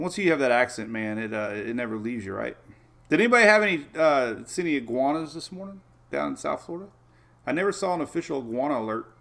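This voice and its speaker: A man hosting a casual live weather show, chatting in a rambling way with excitable asides while looking over the maps. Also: medium pitch, vocal fry.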